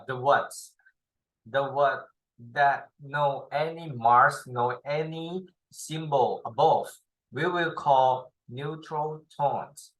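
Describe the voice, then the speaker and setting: A man teaching a spoken language lesson in halting non-native English, with many pauses and fillers; his first language is Thai. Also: mid-range voice, low-quality recording. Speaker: language tutor.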